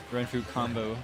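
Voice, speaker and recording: A man hosting a gaming stream, chatting casually in a playful, joking way with frequent laughter. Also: medium pitch. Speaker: streamer and host. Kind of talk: casual chat while gaming.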